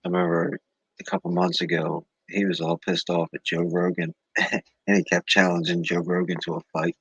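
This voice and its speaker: A man's voice: sits low, level tone, moderate pace, a bit bright, husky, no room sound, poor audio. A man co-hosting a casual podcast chat, delivering dry, sarcastic, matter-of-fact remarks. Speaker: podcast co-host.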